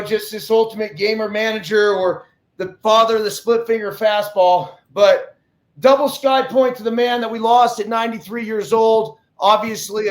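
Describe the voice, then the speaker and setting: A man hosting a casual podcast interview who asks short, relaxed questions. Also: high voice. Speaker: podcast host. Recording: echoey room.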